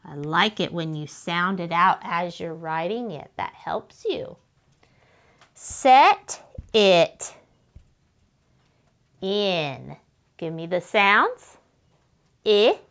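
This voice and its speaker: With a lowish, sing-song voice, she draws out her words and leaves long pauses, her tone a bit bright despite the muffled audio. She's teaching small children to write sentences step by step, sounding out letters and words and cheering them on.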